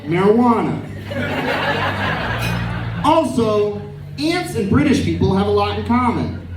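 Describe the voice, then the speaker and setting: A man in his thirties doing a stand-up comedy set, telling absurd stories in a deadpan way. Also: sits high, measured pace, pauses often. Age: 30s. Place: comedy venue stage. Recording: roomy live room, distant, crowd laughter. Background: audience laughing.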